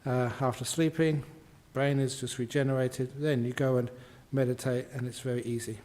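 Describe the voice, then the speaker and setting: Older monk giving a joking dharma talk. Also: male voice, mid-range voice, steady tone, moderate pace, darkish tone, slight background noise. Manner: humorous, playful, acts out quotes and sound effects. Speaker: Buddhist monk teacher. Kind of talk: dharma talk answering questions.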